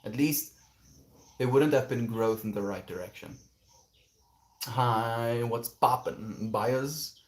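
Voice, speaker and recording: A man's voice: mid-range voice, slow, long pauses. Reflective man chatting on a livestream. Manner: reflective, reads viewer messages aloud and muses on them. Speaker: livestreamer reading chat. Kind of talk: casual livestream chat. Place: outdoors, quiet spot.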